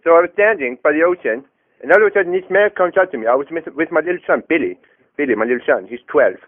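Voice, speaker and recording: A man's voice: a little high, expressive, quick pace. A man telling a rambling comic story on a prank phone call, hesitant and full of fillers and restarts. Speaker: prank caller. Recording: tinny phone line.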